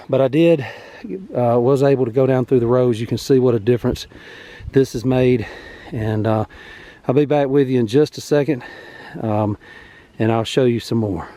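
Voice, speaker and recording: Walking through his vegetable garden outside, a breathless male farm vlogger gives a relaxed tour, rambling along and using lots of fillers. His voice is medium-pitched and dark, and the lo-fi recording carries no room sound.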